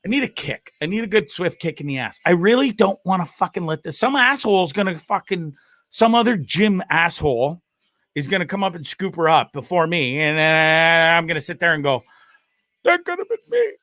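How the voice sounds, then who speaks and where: A man's voice: on the high side, brisk, bright, forceful tone, dry recording, clean studio sound. A middle-aged man from Canada hosting a casual show, rambling crudely about his day, swearing freely and repeating himself. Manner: crude, profane, self-mocking and rambling; repeats words and restarts a lot. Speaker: host.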